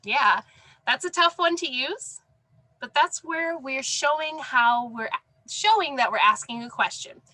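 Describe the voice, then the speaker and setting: A woman with a high, sharply toned voice speaks a little slowly, recorded roughly but without echo. She's a sign language teacher running an online class over a video call from her home, praising and encouraging students by name while a dog sits under her desk.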